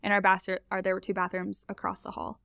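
A woman telling a personal story as a podcast guest, chatty and animated and laughing often. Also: medium pitch, quick pace, vocal fry, dry recording, clean studio sound. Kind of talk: casual storytelling.

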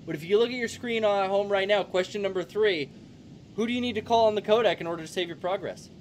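A man's voice: sits high, fast talker, slight background noise, poor audio. A man hosting a stream call-in, playing a teasing mock game-show quizmaster. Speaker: host.

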